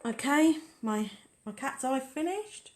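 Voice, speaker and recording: A woman's voice: sits high, animated, slow. A woman hosting a casual nail-art tutorial, chatting and rambling as she works on the nails. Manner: chatty, rambling, talks while working.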